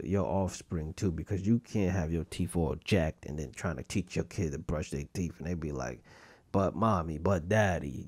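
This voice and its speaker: Low-voiced man, casual podcast host, rambling self-mocking rant, dry close sound. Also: dark tone, no echo. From United States. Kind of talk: casual solo podcast monologue.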